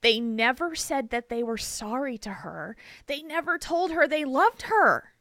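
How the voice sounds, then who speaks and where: Bright, emphatic woman podcast host. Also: high-pitched, unhurried, dry recording. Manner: animated, emphatic, laughs often. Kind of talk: casual chat, storytelling.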